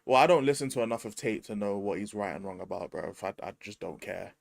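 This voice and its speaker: A man's voice: fairly low pitch, lively intonation, fast talker, vocal fry, dry recording. A man with a London accent hosting a casual livestream chat, laid-back and slangy, swearing often. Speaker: streamer host.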